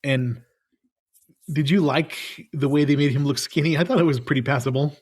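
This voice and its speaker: A man's voice: on the high side, fairly even intonation, moderate pace, husky. A man co-hosting a podcast in casual chat, rambling and laughing easily. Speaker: podcast co-host.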